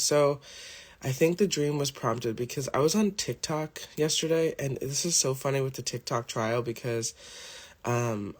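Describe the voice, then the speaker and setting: A man hosting a casual vlog, rambling with lots of fillers after just waking up. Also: medium pitch. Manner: rambling, heavy use of "like" and "um". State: just woken up. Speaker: vlog host.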